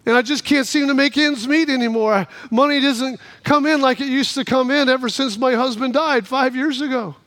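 A man doing a timid frail elderly widow. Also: very high-pitched. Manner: hesitant, halting, soft-spoken.

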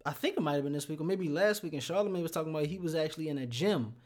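A man's voice: on the high side, very fast, darkish tone. A young man in his twenties co-hosting a casual chat, joking around with profane banter. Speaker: podcast co-host.

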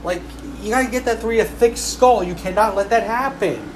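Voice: medium pitch, normal speed, noisy background. A hockey fan giving a casual, passionate game recap, rambling with lots of "like" and repeating complaints heatedly. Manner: heated ranting, repeats demands.

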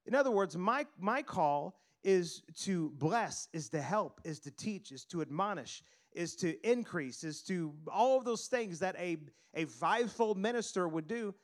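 A man's voice: high-pitched, expressive, unhurried, hardly any pauses. A middle-aged man preaching a sermon as pastor, earnest, often repeating words and restarting.

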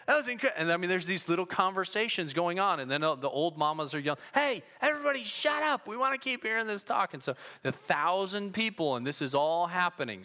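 A man preaching a sermon in a church, telling missionary stories with lively, animated delivery and hushed serious moments. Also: medium pitch. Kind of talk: sermon storytelling.

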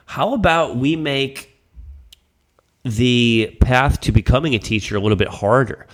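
A man's voice: medium pitch, unhurried. A man telling rambling stories in casual podcast chat, swearing freely and acting out what people said. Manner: rambling storyteller, swears freely, acts out quotes loudly.

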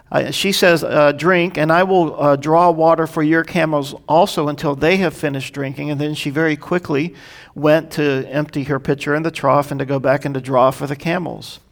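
A man preaching a sermon, reading scripture aloud and explaining it in an earnest, conversational way, briefly acting out the people in the passage. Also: fairly high pitch. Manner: earnest, explanatory, acts out quoted prayers. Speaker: pastor. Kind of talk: expository sermon.

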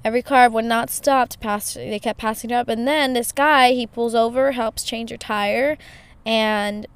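Chatty woman podcaster, smooth higher voice. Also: steady tone, moderate pace, no echo. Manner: chatty, leans on "you know" fillers. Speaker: podcast host. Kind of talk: casual storytelling monologue.

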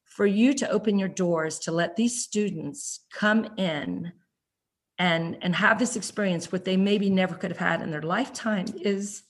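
A woman's voice: mid-range voice, measured pace. A middle-aged woman, a parent advocate, speaking earnestly and emotionally in an interview. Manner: heartfelt, emotional, grateful. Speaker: parent advocate, nonprofit leader.

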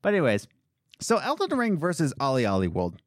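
A young man chatting excitedly on a gaming podcast, his pitch swinging widely from high to low as he rambles along. The sound is dry and close to the mic, with no room echo. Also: a little fast. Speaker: podcast co-host. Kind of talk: casual podcast chat about video games.

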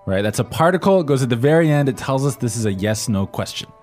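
A man's voice: mid-range voice, expressive, quick pace, darkish tone. A man co-hosts a podcast language lesson in a mid-range voice. He keeps things moving with prompting questions and plain-English recaps. Light music plays faintly underneath. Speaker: co-host.

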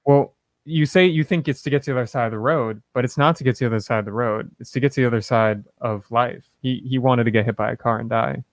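A man on a casual podcast who tells a dark joke with a straight delivery and laughs easily. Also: medium pitch, quick pace, no echo. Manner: deadpan dark humor, laughs a lot. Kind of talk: casual chat.

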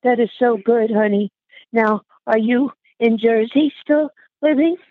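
Over a dry, tinny phone line, an older woman being interviewed speaks a little slowly in a somewhat high voice, with no room sound. She's an aunt, breathless yet warm, calling the listener honey during the casual chat.

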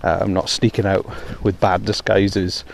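With a low, creaky voice showing little pitch movement, this Welsh man hosts his podcast at an unhurried pace. He rambles casually with frequent ums and self-deprecation while walking in heavy rain on a hands-free phone headset, with slight background noise.

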